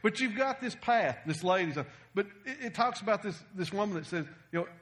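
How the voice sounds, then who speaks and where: A man delivers a sermon in a folksy, storytelling way, mixing humor in as he goes. His voice sits high for a man. It has a bright, forward edge. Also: expressive, fairly quick. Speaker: preacher.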